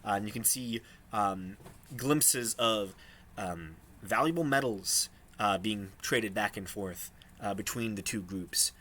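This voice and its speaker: A man's voice: on the low side, takes it slowly, a bit bright, a little hiss or hum. A man narrating as game master in a casual, hesitant way with many ums.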